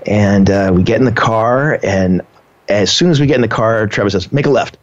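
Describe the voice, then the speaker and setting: A man talking casually and earnestly about his relationship, telling a story in a measured way with frequent fillers. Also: on the low side. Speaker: partner in a couple being interviewed. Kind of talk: casual conversation. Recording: dull lo-fi sound.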